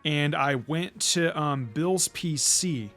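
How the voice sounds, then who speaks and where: A man's voice: a little high, slow pace, fairly bright tone, soft background music. A young man giving casual let's-play commentary, rambling with many fillers and stumbling restarts. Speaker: gaming commentator.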